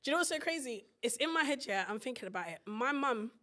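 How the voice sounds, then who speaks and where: A woman, hosting a casual chat and reacting quickly with eager agreement. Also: high-pitched, animated, fairly bright tone. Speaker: podcast host.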